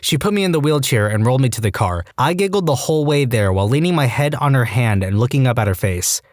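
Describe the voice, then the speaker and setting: A man reading Reddit stories aloud as a podcast narrator, animated and quick to jump into acted quotes. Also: medium pitch, dry recording, studio quality.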